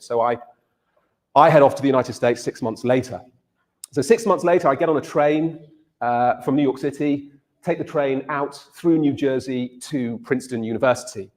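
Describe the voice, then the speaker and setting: A man's voice: medium pitch, fast talker, darkish tone. A male university lecturer giving a lecture and telling a story, repeating words as he starts his phrases.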